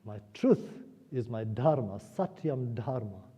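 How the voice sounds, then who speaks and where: Brief: man as a solemn king bound to his word, very dark mellow voice, long hall reverb. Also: mid-range voice, lively intonation, takes it slowly, husky. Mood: resolute. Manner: solemn, resolute. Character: truthful proud male king, anguished.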